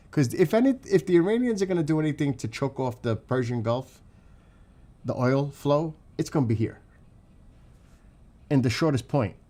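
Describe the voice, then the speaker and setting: With a mid-range voice and a New York accent, a New York City man runs a livestream where he follows flight tracks and reads the chat. His commentary is excitable and rambling, peppered with questions as he goes.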